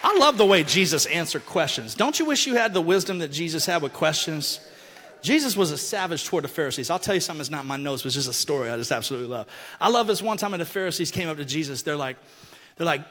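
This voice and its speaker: A man preaching a sermon, telling stories and acting out the people he quotes, building to loud, forceful passages. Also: on the high side, fast talker. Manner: animated storytelling, acts out quotes, rising to shouts. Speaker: pastor. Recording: long hall reverb.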